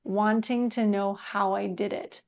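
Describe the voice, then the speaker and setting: Chatty, creaky-voiced woman musician. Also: medium pitch, a little slow. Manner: chatty, animated storyteller, laughs often, many fillers. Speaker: musician guest. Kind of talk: casual interview chat.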